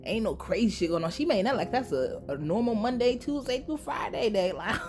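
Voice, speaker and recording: A woman's voice: medium pitch, animated, a little fast, darkish tone. A young woman hosting a casual, profane recap of a TV series. She swears freely, uses a lot of slang and laughs often. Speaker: podcast host recapping a TV series.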